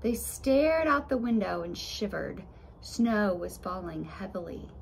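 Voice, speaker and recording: A woman reading a children's storybook aloud in an expressive, sing-song way. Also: mid-range voice, a little slow, gravelly, a little hiss or hum. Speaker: storybook reader.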